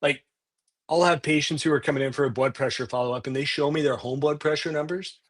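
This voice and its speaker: Male co-host, slightly high voice, jokey and easygoing. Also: fairly even intonation, fast talker, fairly bright tone. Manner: laughing, playful, short reactions. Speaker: podcast co-host. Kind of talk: casual podcast chat.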